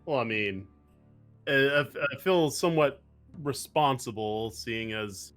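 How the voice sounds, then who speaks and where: A man's voice: medium pitch, expressive, a little slow, fairly bright tone, faint music behind. A man playing a tabletop game, speaking in character with a hesitant, stammering manner. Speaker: player. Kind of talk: casual role-play chat.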